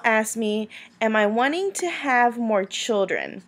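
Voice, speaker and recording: A woman's voice: a little high, big pitch swings, moderate pace, hardly any pauses, fairly bright tone. A young woman, chatting casually to camera at home late at night, tired and rambling with lots of fillers. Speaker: vlogger answering viewer questions.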